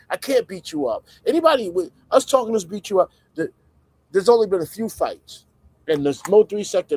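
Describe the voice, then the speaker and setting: A man giving casual livestream commentary in an animated, conversational way, swinging between loud emphasis and muttered asides. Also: a little high, rough recording.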